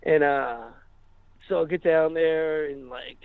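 Gravelly rambling man telling a story. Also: a little high, slow, no echo, narrow, tinny audio. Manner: rambling, animated, lots of fillers and acted-out quotes. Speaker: musician guest. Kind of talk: casual interview storytelling.

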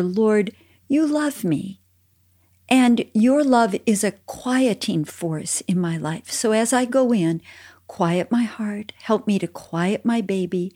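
An older woman co-hosting a Christian parenting talk, telling family stories in a gentle, earnest way. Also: medium pitch. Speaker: podcast co-host, mother.

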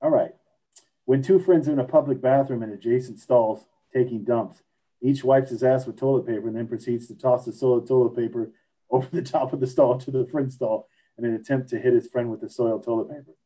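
A man with a warm, mellow voice co-hosting a podcast. He talks in a loose, crude, joking way and reads slang entries aloud. His delivery is relaxed and casual. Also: mid-range voice, a little fast, low-quality recording. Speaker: podcast co-host. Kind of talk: casual chat.

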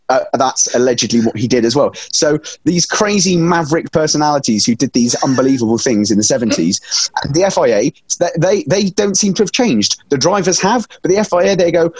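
A man telling motorsport stories on a podcast panel in a lively, rambling way with many restarts. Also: medium pitch, a little fast, breathy edge, dry recording. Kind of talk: casual chat, storytelling.

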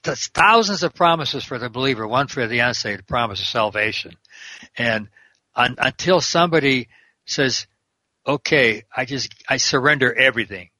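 A man's voice: mid-range voice, animated, normal speed, sharp tone, no room sound. Fervent older man quoting scripture. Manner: fervent, quotes scripture verse by verse. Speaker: prison minister, guest. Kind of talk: preaching interview talk.

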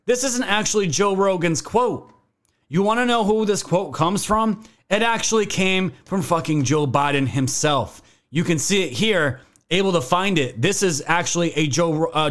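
A man's voice: high voice, a bit bright. A man hosting a political commentary video, ranting in a heated, profane way and calling his viewers fam.

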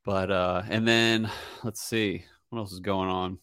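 A man's voice: sits low, steady tone, a little slow, fairly bright tone, clear, resonant tone, no echo, clean studio sound. A man in his thirties co-hosting a podcast, chatting casually and joking with lots of fillers. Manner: laid-back, joking, many fillers. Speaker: podcast co-host. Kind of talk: casual chat.

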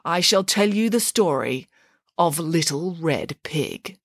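A pompous, self-assured female pig nanny declaims her opinions , voiced by a woman narrator. Her pitch climbs and swoops grandly. The sound is dry and close. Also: lively intonation, slow, no room sound, exaggerated voice. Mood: haughty.

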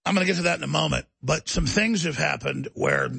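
A man's voice: fairly high pitch, huge pitch swings, fairly quick, vocal fry, bright, forceful tone, husky, no room sound. A man hosting a talk show, delivering a heated, emphatic ranting monologue.

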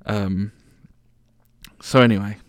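A man's voice: fairly low pitch, fairly even intonation, slow pace, clear, resonant tone, no echo, clean studio sound. A young man telling a rambling, sweary story about his travels as a podcast host. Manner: chatty, rambling, sweary, full of restarts. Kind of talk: casual storytelling monologue.

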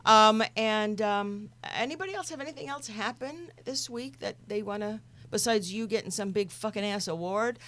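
A woman hosting a casual group chat, lively and quick to laugh, with some casual swearing. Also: mid-range voice. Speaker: host.

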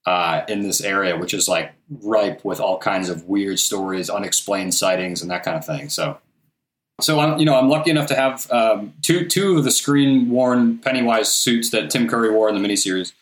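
A man's voice: fairly low pitch, moderate pace. A man telling stories casually in an interview, rambling with restarts and fillers. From southeastern Massachusetts. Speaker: guest, documentary filmmaker and collector. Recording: roomy echo.

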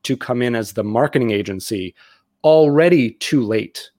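A man's voice: mid-range voice, lively intonation, moderate pace, mellow, no room sound, clean studio sound. A man who is the author being interviewed, making emphatic points and repeating key lines for stress. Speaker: author and guest. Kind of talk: casual interview chat.

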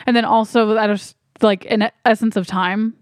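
A woman's voice: mid-range voice, fairly even intonation, moderate pace, no echo, studio quality. Rambling woman podcast co-host. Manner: rambling, hesitant with many restarts. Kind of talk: casual movie discussion.

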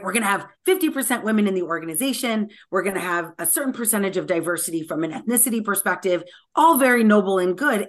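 A woman being interviewed as a tech guest, talking energetically with lots of filler words. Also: medium pitch. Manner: energetic and talkative, many "like" fillers. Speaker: guest technologist. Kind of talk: conversational podcast interview.

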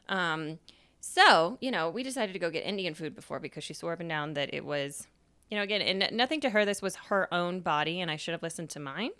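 A young adult woman and podcast host telling a personal story in a casual, animated way, swearing freely and acting out her own past remarks. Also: on the low side, no echo.

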